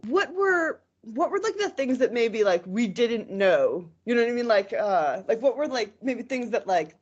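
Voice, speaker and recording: A woman interviewing a guest over a video call, asking halting questions full of fillers. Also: a little high, big pitch swings, slightly rough, lo-fi sound. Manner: hesitant, lots of "like" fillers.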